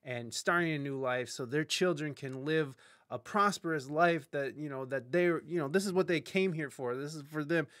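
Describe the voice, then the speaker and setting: A young man hosting an interview, asking questions in a halting, casual way with many restarts. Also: a little high, a bit bright, dry recording, studio quality. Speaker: host.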